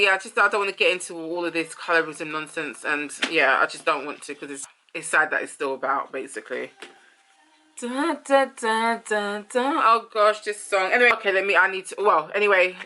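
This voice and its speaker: A woman's voice: fairly low pitch, sharp tone. A woman giving casual, opinionated commentary on a reality show, talking in a chatty way with many fillers. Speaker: reality TV reviewer.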